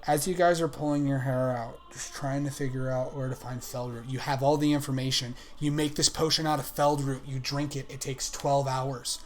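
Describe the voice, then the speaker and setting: A man running a tabletop game as game master, casual and profane, slowing down for dramatic beats. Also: mid-range voice, steady tone, slight background noise. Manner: casual, swearing, slows for drama.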